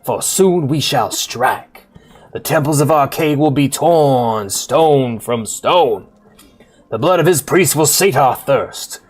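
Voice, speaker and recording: A man putting on a slow, drawling preacher voice for a grandiose male necromancer lord reading a sermon. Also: medium pitch, lively intonation, breathy edge. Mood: menacing.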